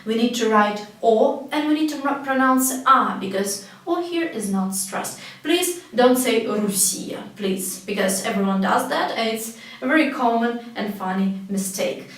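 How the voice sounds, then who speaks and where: A Russian-accented woman who speaks Russian natively, teaching a spoken language lesson slowly and carefully and repeating words for learners. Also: fairly high pitch, lively intonation, very echoey, distant mic, low-quality recording.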